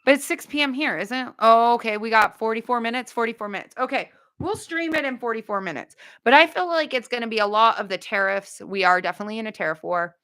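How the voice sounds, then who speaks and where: A woman hosting a casual livestream, chatting bluntly with viewers, with quick asides and no filter. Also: fairly high pitch, a bit bright. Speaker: livestream host.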